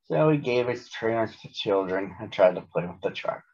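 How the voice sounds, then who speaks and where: A man reading a children's storybook aloud in a gentle, unhurried way. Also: fairly low pitch, animated. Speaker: storybook reader. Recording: dull lo-fi recording.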